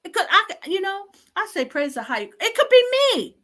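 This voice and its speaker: A woman's voice: extremely high pitch, sing-song, a little fast, fairly bright tone. A woman hosting an online talk show, scolding her listeners in an impassioned, exasperated and repetitive way.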